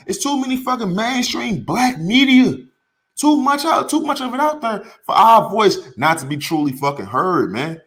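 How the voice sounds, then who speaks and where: A man's voice: sits high, pushed and bright. A man hosting a podcast, ranting hotly and profanely, repeating lines for emphasis. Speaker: podcast host. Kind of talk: impassioned podcast rant.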